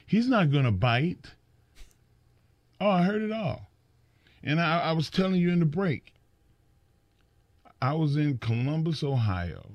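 A man's voice: fairly low pitch, no echo, dull audio. A man in casual podcast chat, telling stories emphatically and often repeating words as he builds a point.

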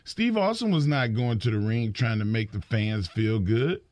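A man's voice: fairly low pitch, animated, moderate pace, a little mellow, no room sound. A man in casual podcast chat, telling stories emphatically and often repeating words as he builds a point.

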